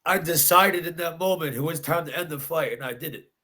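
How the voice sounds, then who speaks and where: Telling how he won, an adult bare-knuckle fighter gives a post-fight interview full of intense, emphatic storytelling and repeated phrases. His voice is a little high, a little fast, and sounds pushed and bright.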